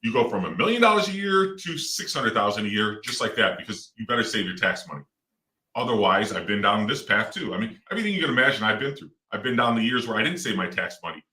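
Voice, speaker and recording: A middle-aged real estate investor speaks fast with lively intonation in a low but bright, forceful voice. His casual interview talk rambles, with many fillers and false starts. The mic sits far from him in a roomy, echoing space.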